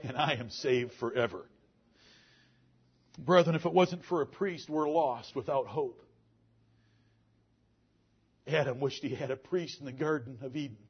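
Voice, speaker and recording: A man preaching a fiery sermon, swinging from loud emphatic declarations to low, intense talk. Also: unhurried, long pauses, breathy edge. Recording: muffled lo-fi sermon recording.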